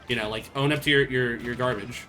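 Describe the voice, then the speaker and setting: A man's voice: mid-range voice, fairly even intonation, a little fast, bright, forceful tone, faint music behind. A young man streaming, chatting casually with viewers in a blunt, profane, rambling way.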